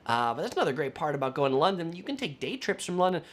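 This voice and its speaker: A man's voice: a little high, very animated, racing, fairly bright tone. A man, a travel vlogger talking casually and chattily, with frequent fillers. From United States. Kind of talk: casual travel vlog talk.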